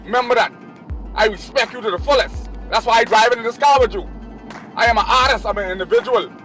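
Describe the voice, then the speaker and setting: A man's voice: very high-pitched, fast talker, fairly bright tone, soft background music. A man, a traveling artist, insistently scolding and repeating himself in a heated argument inside a moving car.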